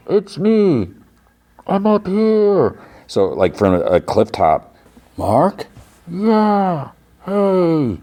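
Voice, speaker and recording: A man with a very low voice, the host of a podcast, recapping in a loose, rambling way. He leans on "like" and restarts his sentences often. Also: warm tone. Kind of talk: casual recap chat.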